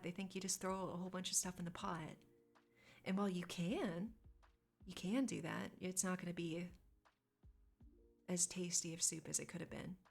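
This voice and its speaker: A woman's voice: fairly low pitch, creaky. A woman streamer in casual chat, reading and answering her chat with chatty, squeamish asides.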